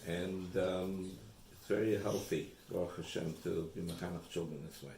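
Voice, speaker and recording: A man teaching an informal Torah class in a home, halting and repeating himself, with Hebrew terms mixed in. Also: sits low, fairly even intonation, gravelly, darkish tone. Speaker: rabbi giving a Torah class. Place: room in a private home. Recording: echoey room, distant mic, faint noise.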